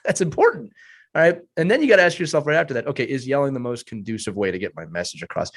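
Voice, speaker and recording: A man's voice: mid-range voice, slightly rough. A man hosting a hockey podcast in casual chat, making emphatic points and tagging them with "right?". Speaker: podcast host.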